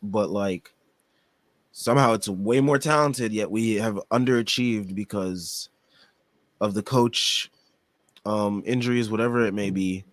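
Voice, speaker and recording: A young man with a very deep voice co-hosts a casual sports podcast. He speaks indignantly, in halting sentences full of fillers, recorded close and dry with no room sound. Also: no echo. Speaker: podcast co-host.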